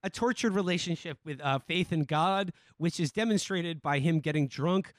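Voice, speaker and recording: A man's voice: fairly high pitch, normal speed, no echo. A man co-hosting a podcast, recapping a film in casual chat with many restarts and fillers. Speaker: podcast co-host.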